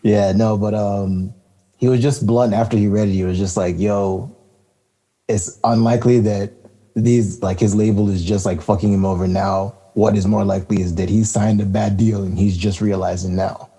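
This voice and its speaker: A man's voice: fairly low pitch, flat delivery, normal speed, warm tone, breathy edge. A man co-hosting a casual hip-hop podcast, talking in a laid-back, rambling way with lots of fillers and laughter. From Canada. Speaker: podcast co-host.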